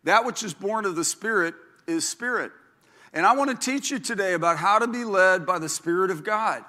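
A man in his sixties, a pastor, preaching a sermon in a chatty, animated way, acting out quotes and stories. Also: normal speed. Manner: animated, chatty, acts out quotes with big pitch jumps.

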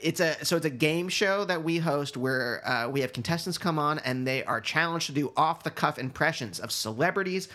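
A man's voice: a little high, lively intonation, normal speed, few pauses, sharp tone. A man guesting on a comedy podcast, wisecracking and teasing as he explains his game show. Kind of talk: casual comedy conversation.

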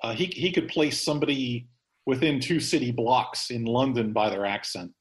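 A man's voice: medium pitch, moderate pace, roomy sound, poor audio. A man hosting a casual podcast chat, rambling along with many ums and restarts. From Texas. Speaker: host.

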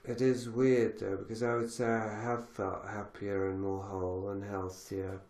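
A man's voice: fairly low pitch, flat delivery, a little slow, darkish tone, reverberant. A man hosting a podcast conversation, reflective and thinking aloud with many fillers and restarts. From lives in Galicia. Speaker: podcast host.

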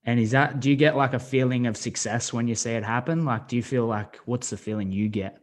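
A man's voice: medium pitch, steady tone, a little fast. A man hosts a casual podcast interview. He asks plain questions and backs the guest with short, encouraging replies. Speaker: podcast host.

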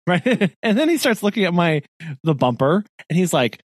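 Animated man telling a story. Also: high-pitched, moderate pace, dry recording, clean studio sound. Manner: animated, laughing often, acts out quoted voices. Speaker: podcast co-host. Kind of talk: casual chat, storytelling.

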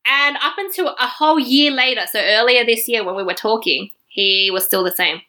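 A young woman casually telling a personal story on a podcast, acting out what people said with big jumps in her voice. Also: moderate pace. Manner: animated, acts out quotes with big pitch jumps.

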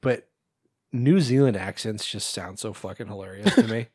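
A man co-hosting a podcast, chatting casually about films, swearing freely, laughing often and filling pauses with "like" and "um". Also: lowish voice, a little mellow, breathy edge, no echo, studio quality. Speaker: podcast co-host. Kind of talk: casual film chat.

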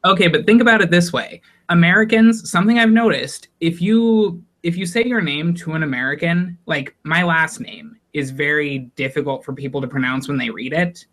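A man's voice: fairly high pitch, moderate pace, few pauses, a bit bright. A man co-hosting a podcast, chatting casually and laying out his point steadily. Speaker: podcast co-host. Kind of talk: casual chat.

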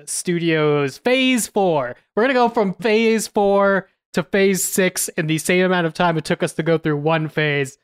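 A woman hosting a podcast, reviewing a film in a measured way with many "uh" fillers. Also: sits low, clear, resonant tone, no room sound, clean studio sound. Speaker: podcast host.

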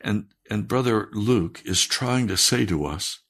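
Husky-voiced man preaching. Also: fairly low pitch, unhurried, a bit bright. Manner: earnest preaching, rising to fervent emphasis. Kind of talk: sermon.

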